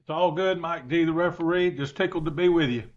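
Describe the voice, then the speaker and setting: A man's voice: fairly high pitch, a little fast, muffled recording. A man from the Southern United States with a Southern accent, a football coach guest talking in a folksy, self-deprecating way. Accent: Southern American. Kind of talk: casual podcast chat.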